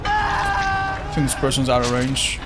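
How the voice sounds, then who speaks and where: A man's voice: on the high side, huge pitch swings, slow, over loud music. Cursing young man streaming a game. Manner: swears often, frustrated outbursts. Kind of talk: live gameplay commentary. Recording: noisy stream with game sound.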